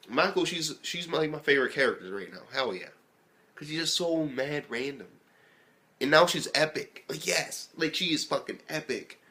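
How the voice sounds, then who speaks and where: A young man casually reviewing an anime episode, excitable and rambling, swearing freely and filling his talk with "like". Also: fairly high pitch, normal speed. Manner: excitable, profane, rambling with lots of fillers.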